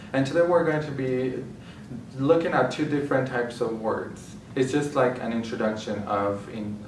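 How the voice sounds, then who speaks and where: A man's voice: mid-range voice, far from the mic, slight background noise. Man teaching a lesson in an echoey room. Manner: explanatory, repeats himself with small restarts. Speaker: Spanish teacher. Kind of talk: classroom lesson explanation.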